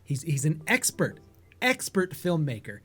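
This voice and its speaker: A man hosting a casual movie review chat, halting with many fillers and restarts. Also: fairly high pitch, very animated, a bit bright, husky, soft background music. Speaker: podcast host.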